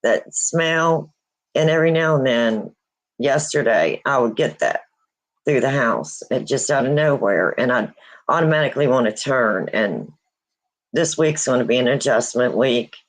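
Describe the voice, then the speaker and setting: A woman hosting a casual livestream, grieving and near tears, speaking haltingly with many pauses and restarts. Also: a bass voice, lively intonation, rough recording. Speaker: host of a paranormal channel.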